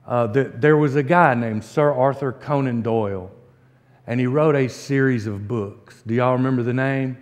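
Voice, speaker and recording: A man, preaching a sermon as pastor and telling folksy stories with slow, emphatic delivery. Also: mid-range voice. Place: church sanctuary. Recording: long church reverb.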